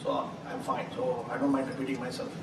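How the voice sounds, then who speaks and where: A man teaching a live chanting class, animated and laughing often as he acts out examples. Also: mid-range voice, brisk. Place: classroom hall. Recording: roomy, distant mic, noisy.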